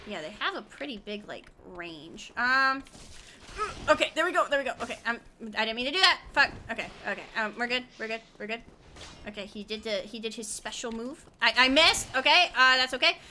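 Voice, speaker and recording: A young woman talks to her stream viewers while she plays, rambling from one thought to the next and often breaking into giggles. Her voice sits high and sounds bright and sharp. A faint noise runs under the recording. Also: expressive, normal speed. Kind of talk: casual gaming stream chat.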